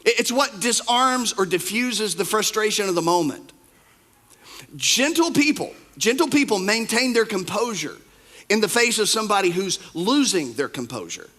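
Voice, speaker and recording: Male pastor, high bright voice, emphatic sermon delivery with lots of repetition. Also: sing-song, moderate pace. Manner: emphatic, repeats key phrases; swings between soft asides and loud outbursts. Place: church.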